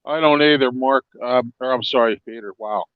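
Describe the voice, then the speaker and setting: Panel guy, halting, folksy sayings, muffled lo-fi call audio. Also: mid-range voice, clean tone, no room sound. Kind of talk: casual sports talk.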